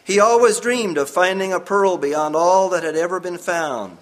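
A man voicing an old, devout and stubborn pearl diver who speaks slowly and solemnly in a hushed voice. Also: high voice, expressive. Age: older.

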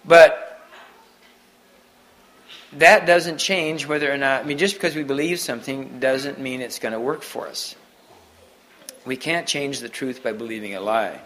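A man giving an unscripted sermon to a Mennonite congregation, halting often and restarting his sentences. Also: mid-range voice, fairly bright tone, slight background noise, poor audio. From Mennonite community. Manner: halting, many restarts and repeated words. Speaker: preacher.

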